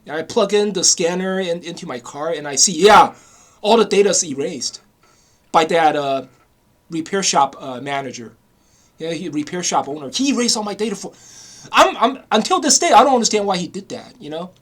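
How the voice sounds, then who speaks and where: A man's voice: high-pitched, lively intonation, moderate pace, fairly bright tone. A man ranting angrily in a casual monologue, swearing often and repeating himself with frequent "you know?" asides. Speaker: vlogger.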